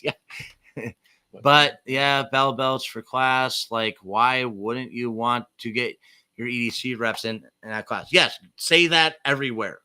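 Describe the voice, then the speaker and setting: A male host in easygoing conversation, reading comments aloud and chuckling often. His voice is bright and forward, his talk loose and profane. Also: medium pitch, clean tone. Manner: laughs often, reads viewer comments, swears casually. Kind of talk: casual livestream chat.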